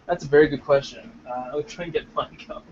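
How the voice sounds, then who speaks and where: A man's voice: on the high side, quick pace. A young man from Georgia with a light Southern accent, hosting a casual chat and rambling with fillers and restarts. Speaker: show host reading viewer questions. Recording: dull lo-fi mic with faint background noise.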